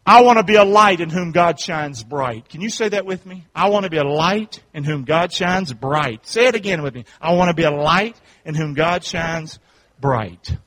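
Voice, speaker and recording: A man pastor preaching a sermon, calling out to his congregation and swinging from quiet asides to shouts. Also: a little high, lively intonation, moderate pace. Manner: call-and-response preaching, swings from hushed to shouting. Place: church sanctuary.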